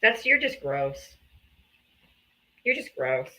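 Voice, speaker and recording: A woman's voice: very deep voice, very animated, slow pace, sharp tone, poor audio. A woman hosting a live political debate stream, combative, sarcastic and heavy on profanity.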